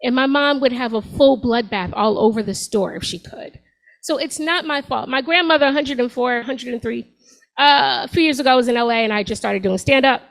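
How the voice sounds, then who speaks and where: A woman's voice: fairly high pitch, a little fast, creaky, rough recording. A woman in her forties doing a stand-up set on a comedy club stage, talking to the crowd in a sassy, conversational way. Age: 40s.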